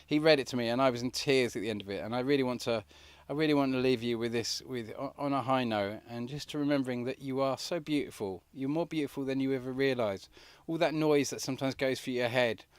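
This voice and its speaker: An earnest man talks in a rambling way and often starts his sentences over. His voice sits at an ordinary middle pitch. The sound is dry and close. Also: fast talker, hardly any pauses, clear, resonant tone, no room sound. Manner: earnest, rambling, many restarts. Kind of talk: rambling personal talk.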